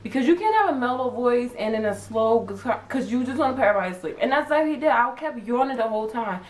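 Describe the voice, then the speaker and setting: A young woman vlogger chatting casually, acting out her own reactions with big jumps in pitch. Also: expressive, fast talker, rough recording. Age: young adult. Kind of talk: casual chat.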